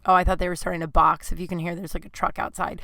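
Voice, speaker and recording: A woman hosts her own podcast and talks through a personal story, her voice teary at times. She is bright and crisp, and her speech is full of "like" fillers. The sound is close and dry, recorded in a closet. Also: lowish voice, level tone, quick pace, no echo. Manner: emotional, tearful, many "like" fillers. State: crying at times. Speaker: podcast host. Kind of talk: personal confessional monologue. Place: closet at home.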